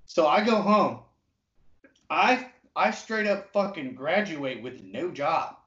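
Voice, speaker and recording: A man in his twenties telling an animated story, swearing freely and acting out the other people's lines. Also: fairly high pitch, slow, highs cut off.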